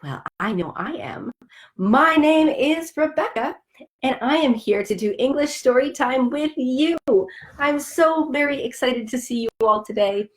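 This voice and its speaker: A young woman hosting a children's story time, speaking in a slow, sing-song, exaggerated way for young kids. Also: sits high. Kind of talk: children's sing-along lesson.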